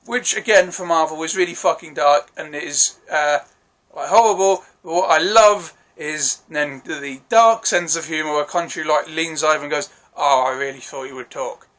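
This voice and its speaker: A man's voice: fairly high pitch, moderate pace, fairly bright tone. A young man casually reviewing a TV episode on his own, enthusiastic and rambling, often correcting himself and apologising, with the odd swear. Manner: self-correcting, apologetic asides. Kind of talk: casual solo review vlog.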